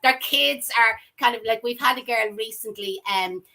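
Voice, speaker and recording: Bright-voiced Dublin woman, chatty. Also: on the high side, moderate pace, rough recording. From Ireland. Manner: chatty, colloquial, storytelling. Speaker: flower school tutor. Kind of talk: casual chat.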